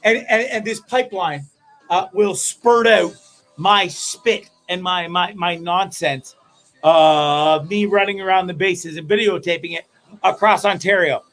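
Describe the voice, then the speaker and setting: A man hosting a comedic live show, telling stories in a rambling, profane, animated way. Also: sits high, unhurried. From Canada. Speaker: host.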